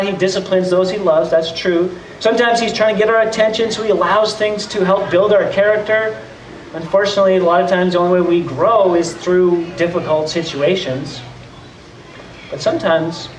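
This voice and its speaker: A man's voice: sits high, normal speed, slight background noise. A man preaching a sermon as pastor in a conversational way, often acting out the voices of doubters. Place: church hall. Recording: roomy echo, mic at a distance.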